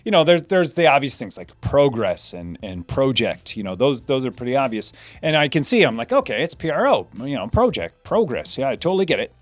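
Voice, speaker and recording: Lively rambling American man, dry sound. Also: mid-range voice, quick pace, hardly any pauses, no echo. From United States. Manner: rambling, lots of restarts and fillers, laughs often. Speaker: host. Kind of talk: live Q&A chat reading viewer comments.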